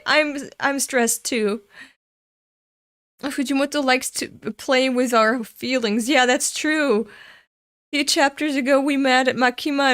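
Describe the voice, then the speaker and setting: A woman from Europe hosting a casual comic reaction, excitable and prone to giggling fits. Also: high-pitched. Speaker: manga reaction host.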